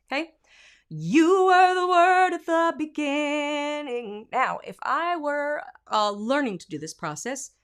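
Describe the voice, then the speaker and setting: A woman's voice: a little high, a bit bright. Woman vocal coach teaching singing. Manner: explaining, breaks into sung and spoken examples. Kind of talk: vocal lesson with sung demonstrations.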